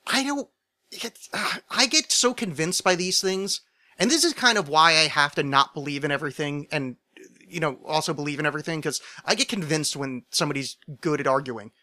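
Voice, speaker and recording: A man on a casual podcast, rambling excitedly and swearing freely as he explains a fan theory. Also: a little high, brisk. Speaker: podcast co-host or guest.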